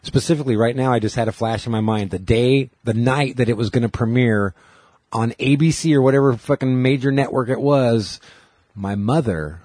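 A man's voice: medium pitch, normal speed, a little mellow, no echo. A middle-aged man co-hosting a podcast, rambling through casual stories and swearing freely. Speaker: podcast co-host. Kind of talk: casual chat.

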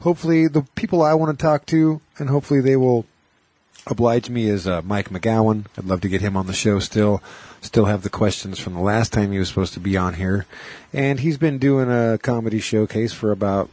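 A man's voice: on the low side, fairly even intonation, a little fast, a little mellow, no echo. A man hosting a casual podcast chat, rambling through a story and swearing freely. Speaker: podcast host.

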